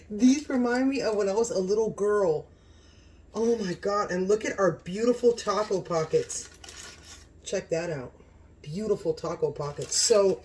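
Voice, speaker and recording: A woman hosting a casual home cooking vlog, gushing and excitable, often exclaiming over the food. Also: mid-range voice. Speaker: cooking channel host.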